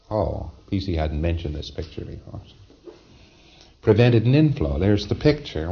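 A man's voice: deep voice, big pitch swings, moderate pace, creaky, dull audio. A man giving an informal training lecture, conversational and emphatic, often chuckling at his own points.

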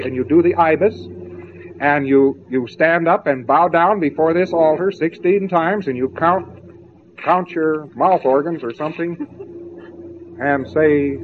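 A man's voice: fairly high pitch, a little hiss or hum. A man giving a spoken lecture, mocking and sarcastic as he tells stories to make his point. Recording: tinny narrow-band old tape.

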